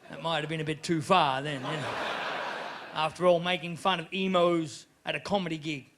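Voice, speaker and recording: A man's voice: fairly high pitch, fairly even intonation, fairly quick. A man doing crude, chatty live stand-up comedy and laughing at his own jokes. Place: comedy venue before a live audience. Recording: live venue recording with room noise.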